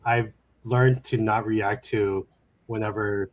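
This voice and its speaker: A man in a casual podcast chat, speaking hesitantly with frequent "like" and halting starts. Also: fairly low pitch, steady tone. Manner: hesitant, halting, many "like" fillers.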